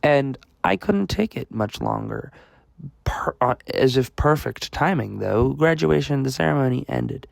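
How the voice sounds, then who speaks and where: Here a young adult American man narrates a wandering, self-mocking vlog story, restarting often and using plenty of fillers. His medium-pitched voice is creaky, with lively intonation and a measured pace, recorded without echo.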